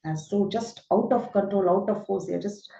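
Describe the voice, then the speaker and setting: A woman teaches scripture in a storytelling manner and asks her listeners rhetorical questions. Her voice is mellow and warm. The recording sounds roomy and somewhat dull. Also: mid-range voice, steady tone, moderate pace, gravelly. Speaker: spiritual teacher. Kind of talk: scripture lesson.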